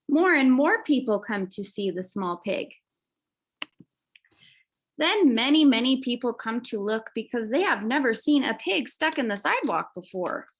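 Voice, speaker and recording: Expressive woman reading a picture book. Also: on the high side. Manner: expressive, adds asides to young listeners. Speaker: teacher reading aloud. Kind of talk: children's storybook read-aloud.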